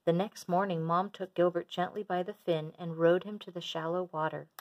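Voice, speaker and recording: Lady reading a kids story, calm and gentle, lower voice. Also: normal speed. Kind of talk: children's storybook read-aloud.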